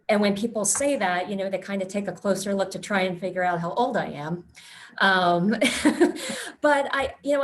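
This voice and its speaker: A woman's voice: mid-range voice, rough recording. A woman in financial services talking things through on a video call, with frequent fillers as she thinks aloud. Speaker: meeting participant in financial services. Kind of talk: casual video-call discussion.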